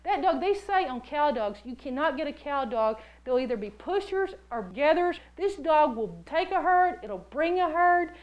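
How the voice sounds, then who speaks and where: A woman preaching a sermon, telling a personal story in an animated way and acting out the voices she quotes. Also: high voice, normal speed, few pauses, lo-fi sound.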